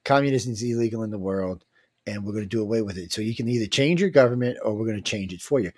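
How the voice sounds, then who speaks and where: A man's voice: lowish voice, quick pace, darkish tone, dry recording, studio quality. Folksy opinionated man. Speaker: show co-host. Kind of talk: casual news chat.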